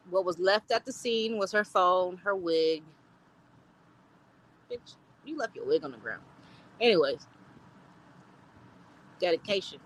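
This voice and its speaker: Blunt, bright-voiced woman co-host. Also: fairly low pitch, rough recording. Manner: blunt, animated storytelling, swearing. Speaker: podcast co-host. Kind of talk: casual podcast chat.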